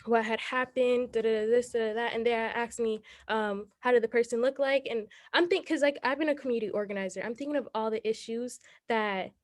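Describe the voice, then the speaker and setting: A woman's voice: on the high side, fairly quick, hardly any pauses, no echo, studio quality. An eighteen-year-old woman, a city council candidate answering interview questions earnestly, rambling and laughing often.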